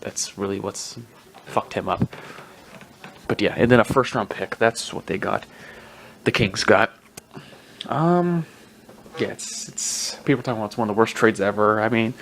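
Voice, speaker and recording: A man's voice: mid-range voice, expressive, measured pace, pauses often, a bit bright, a little hiss or hum. A man hosting a solo sports podcast, rambling in a profane, self-mocking way and laughing often. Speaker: podcast host. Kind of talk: casual solo sports commentary.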